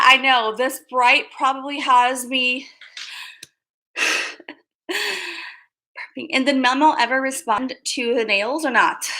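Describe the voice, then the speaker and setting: Hosting a laid-back livestream, this woman speaks in a high, bright, forceful tone. Her live-chat talk is hyper and self-amused, aimed straight at viewers, and she frequently laughs at her own remarks.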